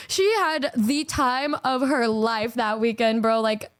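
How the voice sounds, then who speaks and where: Woman streamer, high voice, excitable, giggly, casual chat, dry close sound. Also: takes it slowly, no echo. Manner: excitable, giggly, swears freely. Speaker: singer and streamer.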